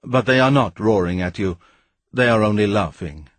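Man reading as an ancient spirit voice, low and husky, slow and unbothered. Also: no room sound, close to an everyday voice. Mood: gentle. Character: calm unseen ruling spirit, ancient and grave.

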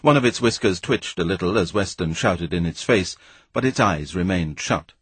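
Low husky guy reading a story aloud, dry close sound, wry and even. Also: moderate pace, no room sound. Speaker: audiobook narrator. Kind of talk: storybook narration.

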